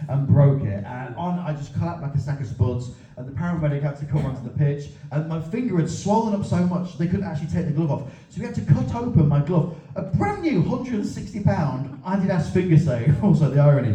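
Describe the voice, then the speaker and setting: Rambling sweary stand-up comedian. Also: male voice, a little high, mellow. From Grimsby, England. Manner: rambling, self-deprecating, sweary. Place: comedy club stage. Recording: roomy venue sound from a distance, dull.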